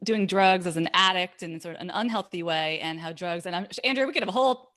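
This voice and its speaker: A woman hosting a radio interview, reacting with quick, encouraging comments. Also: lowish voice, a bit bright, soft background music. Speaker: radio host. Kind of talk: interview chat. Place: radio studio.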